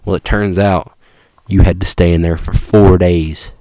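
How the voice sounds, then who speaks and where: Low-voiced, excitable young man spinning a tale. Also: unhurried, no room sound. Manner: excitable and rambling, with sudden jumps in pitch and loudness. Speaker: podcast host. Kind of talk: improvised comic story told to the listener.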